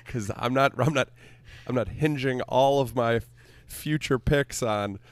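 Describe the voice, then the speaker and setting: A man's voice: medium pitch, measured pace, no echo. A man co-hosting a casual sports podcast, blunt and sarcastic, swearing freely. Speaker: podcast co-host.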